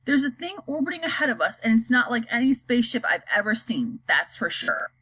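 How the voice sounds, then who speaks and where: Lady reading as a frantic astronaut guy, squeaky high and stammery, kinda husky. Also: big pitch swings, brisk, pushed and bright, heavily acted, poor audio. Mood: alarmed. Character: panicky adult male astronaut Shuckworth.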